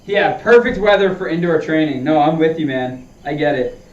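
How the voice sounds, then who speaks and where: A man's voice: fairly high pitch, expressive, normal speed. A man chatting casually to his viewers while practicing golf, talking himself through his swings. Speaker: golfer streaming a practice session. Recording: roomy, distant, dull lo-fi sound.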